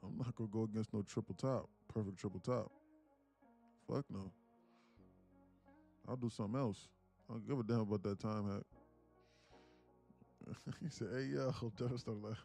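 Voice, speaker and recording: Gravelly-voiced joking trader man. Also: on the low side, steady tone, moderate pace, long pauses, mellow, soft background music. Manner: joking, profane, slangy, reads chat aloud. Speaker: livestream day trader. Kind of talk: casual live-stream rant.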